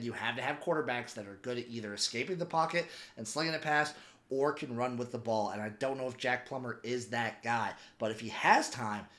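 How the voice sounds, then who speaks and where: A young man talks loosely through his opinions like a regular podcast host. His voice sits at a middling pitch, and he rambles, throwing in sudden animated asides. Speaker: football podcaster. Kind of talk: casual sports commentary.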